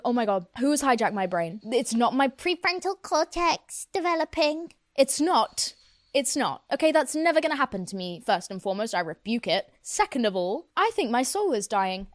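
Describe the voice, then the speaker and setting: A woman's voice: a little high, dry recording, clean studio sound. Young woman ranting, swearing a lot. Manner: profane, chatty, self-mocking. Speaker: podcast host. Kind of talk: casual rambling rant.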